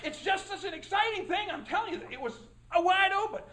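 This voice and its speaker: A man voicing a chatty, excitable little girl who rambles and repeats herself in a storytelling performance. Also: extremely high pitch, brisk, voice pushed up. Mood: excited. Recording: echoey room.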